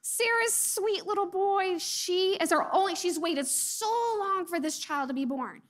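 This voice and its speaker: A woman preaching a sermon. She is a mother who acts out the lines she quotes and sometimes drops to a soft near-whisper. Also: extremely high pitch, a little slow.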